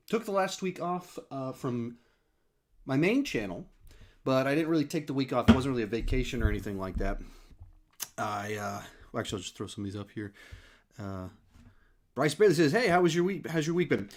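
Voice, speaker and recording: Slightly winded man hosting a live Q&A. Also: medium pitch. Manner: rambling, many fillers and restarts. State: slightly out of breath. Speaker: host. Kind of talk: casual live-stream Q&A.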